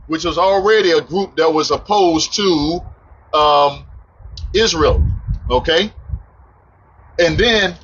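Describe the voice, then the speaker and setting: A man preaching a Bible lesson with excitement, stumbling over names and laughing at himself. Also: on the high side, husky, lo-fi sound.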